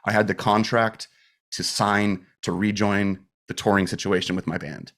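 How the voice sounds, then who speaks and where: A man's voice: lowish voice, moderate pace. Emotional, profane man telling his story. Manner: emotional, profane, animated retelling with acted quotes. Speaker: podcast guest, musician. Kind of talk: candid storytelling in casual chat.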